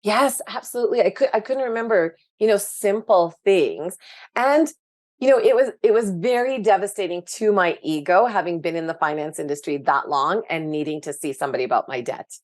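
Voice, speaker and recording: A woman's voice: fairly low pitch, a little fast. Frank woman telling her story. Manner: frank, animated, many fillers. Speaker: guest. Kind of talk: candid personal story in interview.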